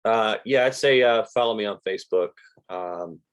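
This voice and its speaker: Speaking at a moderate pace with a fairly low pitch, an older American man teaches real estate investing in a relaxed live stream. He spins stories, quotes what sellers told him, and leans on the word "like" often.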